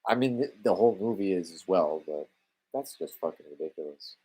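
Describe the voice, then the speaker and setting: A man's voice: low voice, animated, fairly quick, dark tone, husky. A man with a Canadian accent giving exasperated, sarcastic live commentary over a film, swearing freely. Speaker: movie commentary live-streamer.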